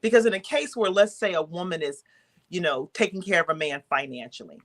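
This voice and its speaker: A woman's voice: lowish voice, expressive, fairly quick. A woman on a podcast explaining her view firmly, point by point, with rhetorical questions. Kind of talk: casual chat.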